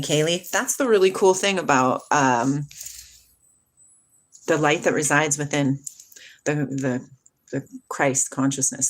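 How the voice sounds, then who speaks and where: A middle-aged woman hosting a casual spiritual livestream, reading viewers' comments aloud and answering them with lots of laughter. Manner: animated, laughs often, jumps between hushed and high. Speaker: livestream host reading chat.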